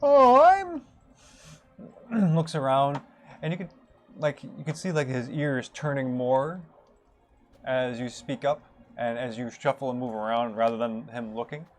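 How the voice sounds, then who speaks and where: Relaxed male game master narrating. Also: mid-range voice. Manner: relaxed, halting descriptive narration.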